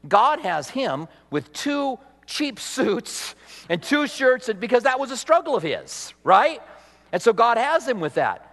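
A male pastor preaches in a chatty, self-deprecating way, breaking into laughs at himself. His voice sits high for a man. It echoes with the long reverb of a large church hall. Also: sing-song, a little slow, fairly bright tone. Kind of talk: sermon.

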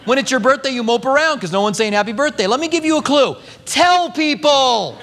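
A man pastor delivering a sermon to his church, animated and conversational, slipping into voices to act out biblical figures. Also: very high voice, brisk. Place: church sanctuary. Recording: long hall reverb.

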